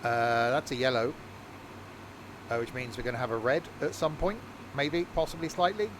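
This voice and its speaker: A man's voice: medium pitch, normal speed, noisy background. A tired man giving rambling, self-mocking commentary while streaming a train game, chuckling often. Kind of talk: casual live-stream commentary.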